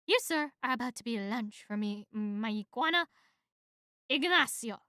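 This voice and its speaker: A woman's voice: on the high side, lively intonation, unhurried, pushed and bright, clear, resonant tone, no echo, studio quality. A woman voicing a sly male grocery worker who blusters and threatens, in a casual script reading. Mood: blustering.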